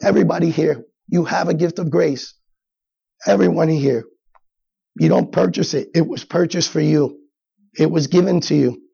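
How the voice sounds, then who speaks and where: Gravelly high-voiced male preacher. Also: moderate pace, long pauses, mellow, highs cut off. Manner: conversational preaching with acted asides. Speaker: pastor. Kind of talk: sermon.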